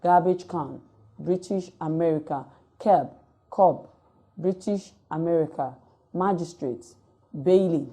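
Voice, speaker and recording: A woman lecturer reading out word lists item by item in a measured, dictating way for a recorded distance-learning lecture. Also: on the low side, dark tone, slightly rough.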